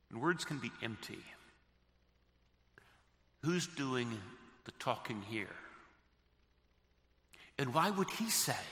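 A man preaching a sermon as pastor, slow and deliberate, dropping soft and then rising to emphasis. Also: mid-range voice. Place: church sanctuary. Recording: echoey church hall.

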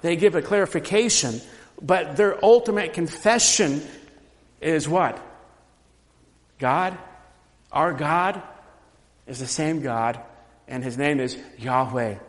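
A man preaching a sermon, teaching through a scripture passage and building to emphatic, loud repetitions. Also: a little high, lively intonation, slow, long pauses, big-room sound. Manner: emphatic preaching, rising loud on repeated phrases. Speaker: pastor.

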